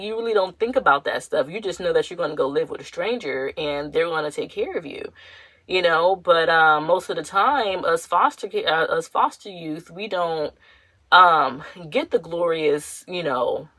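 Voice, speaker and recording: Low, bright-voiced young woman podcaster. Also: dry recording, poor audio. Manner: candid, rambling, full of "you know" fillers and slang. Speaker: podcast host. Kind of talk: casual personal podcast talk.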